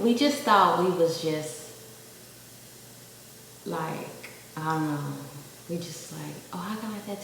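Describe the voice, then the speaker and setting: A woman's voice: fairly low pitch, a bit bright. A woman in her thirties vlogging, telling a personal story in a casual confessional way, with a mix of Southern and Valley accent, rambling with lots of "like" fillers. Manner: rambling, heavy use of "like" fillers. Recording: very echoey room with faint hiss.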